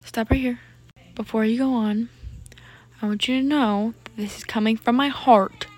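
A woman's voice: on the high side, steady tone, normal speed, a little mellow, close to an everyday voice. A woman voicing an earnest teenage boy in a toy role-play story, speaking out firmly.

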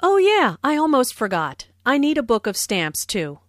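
A woman's voice: sits high, huge pitch swings, normal speed, fairly bright tone, a little hiss or hum, full character voice. A woman playing a polite customer at a post office in a scripted lesson dialogue. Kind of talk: scripted role-play dialogue.

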